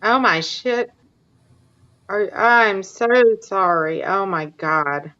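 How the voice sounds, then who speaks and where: Woman talking real slow on a call, lots of pauses, muffled audio. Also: mid-range voice, expressive, pushed and bright. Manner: slow, halting, sympathetic listener. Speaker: chat participant. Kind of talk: casual video chat. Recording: dull lo-fi online call audio.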